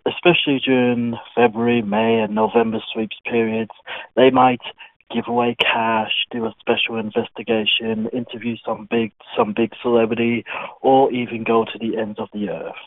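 A man with a gravelly, creaky voice leaves a playful, teasing question as a voicemail. The sound is thin and tinny, like a phone line. It is dry, with no room sound. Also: mid-range voice, normal speed, no echo. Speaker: caller.

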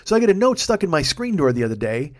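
A man's voice: a little high, big pitch swings, quick pace. A man hosting a podcast alone, telling a rambling, profane comic story from his apartment. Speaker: podcast host. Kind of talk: solo comedic monologue. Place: home apartment.

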